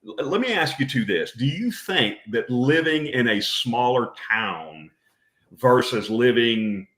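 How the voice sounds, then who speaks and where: A man hosting a casual podcast chat, talking in a rambling way with plenty of restarts and fillers. His mid-pitched voice carries a roomy echo around it, as if recorded in an open room. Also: expressive, takes it slowly. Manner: rambling, warm-hearted with many restarts. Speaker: podcast host.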